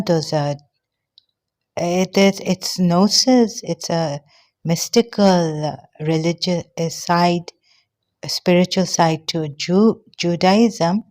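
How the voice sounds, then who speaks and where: A woman giving an earnest personal monologue, short of breath, halting and often trailing off softly. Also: fairly low pitch. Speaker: vlogger.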